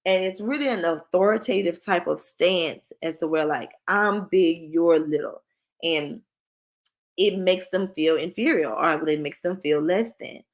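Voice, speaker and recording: A woman's voice: fairly low pitch, moderate pace. A woman who works as a school counselor, giving a conversational parenting workshop and acting out short parent-child exchanges. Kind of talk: presentation to parents.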